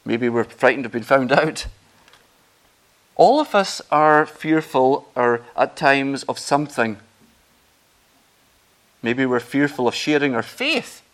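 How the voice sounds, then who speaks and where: Man, sermon, earnest, emphatic, mid pitch. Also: slow pace, long pauses. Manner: earnest, emphatic, rises in pitch and volume on key phrases. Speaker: preacher.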